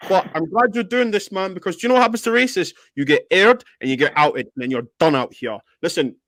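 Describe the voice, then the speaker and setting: A man's voice: sits high, fast talker, fairly bright tone, no room sound. A man on a livestream panel delivering a furious, swearing rant with heavy emphasis. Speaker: panel guest.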